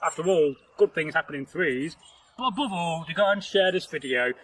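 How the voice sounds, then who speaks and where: This male storyteller host talks fairly quickly in a somewhat high, slightly bright voice while spinning a folktale outside in nature. His telling is loose and jokey, full of "you know" asides. Slight background noise accompanies a low-quality recording.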